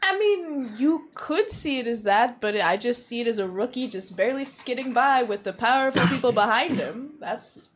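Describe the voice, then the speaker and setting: A woman's voice: fairly high pitch, lively intonation, moderate pace, few pauses. A woman chatting playfully in an improvised role-play game, joking and swearing. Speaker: player voicing the Magician.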